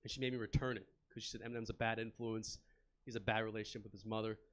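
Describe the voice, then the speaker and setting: A man's voice: lowish voice, flat delivery, racing, fairly bright tone. A young man doing a stand-up comedy set in a club, telling stories in a laid-back, chatty way and bantering with the crowd.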